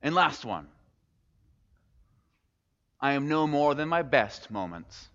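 A male pastor gives a sermon in a relaxed, conversational tone, asking the congregation question after question and dropping in plainspoken humor. His voice rings through a large reverberant church hall. The recording sounds muffled and a little dull. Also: medium pitch, slow.

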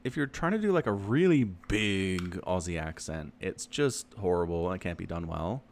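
A man in his thirties co-hosting a podcast, chatting casually and animatedly, his voice leaping up when excited. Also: moderate pace, slight background noise. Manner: animated, jumps high in pitch when excited. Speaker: podcast co-host.

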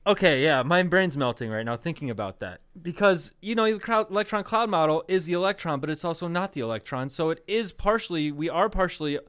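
A man co-hosting a casual podcast, his voice sitting a bit high for a man. He tells stories in a loose, rambling way, full of swearing and laughter, in relaxed back-and-forth chat. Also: fairly quick, hardly any pauses, clear, resonant tone, no room sound, clean studio sound. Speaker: podcast co-host.

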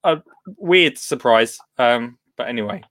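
A man hosts a radio show in a relaxed, bantering way and laughs often. His voice is close and dry, with no room echo. He keeps the chat easygoing. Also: mid-range voice, a little slow. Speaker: radio presenter.

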